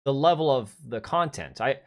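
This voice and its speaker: A man's voice: medium pitch, animated, normal speed. A man in his thirties hosting a casual livestream, rambling bluntly and reacting to chat with restarts and asides. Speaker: livestream host.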